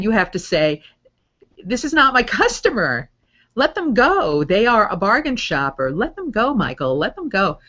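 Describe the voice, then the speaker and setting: A middle-aged woman coaching voice over students, chatting casually and upbeat while answering viewer questions. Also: lowish voice. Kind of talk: live Q&A webinar. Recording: dull lo-fi audio.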